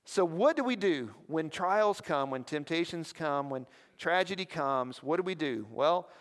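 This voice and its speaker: A man preaching a sermon as pastor, lively and conversational, often prompting the listeners with questions. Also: fairly high pitch, a little slow. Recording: long hall reverb.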